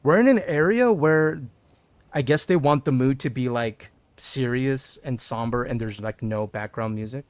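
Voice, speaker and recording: A man's voice: mid-range voice, normal speed, smooth, dry recording. A man streaming a video game, chatting casually with his viewers and thinking aloud as he plays. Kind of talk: casual gameplay commentary.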